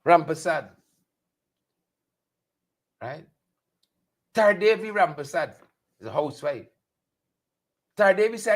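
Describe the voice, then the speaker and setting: A Guyanese man delivers satirical commentary in a high voice that leaps up and down as he talks. He hammers his points by repeating them and mimicking others. The delivery is animated and mocking. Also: slow pace, long pauses. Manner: animated, repeats lines for emphasis, mocks with mimicry. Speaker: host.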